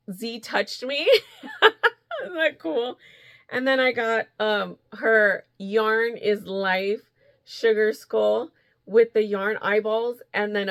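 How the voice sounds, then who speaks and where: A woman chatting casually to her viewers in a yarn vlog, excited and gushing, laughing often. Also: a little high, gravelly. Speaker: yarn vlogger. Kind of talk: casual chat to camera.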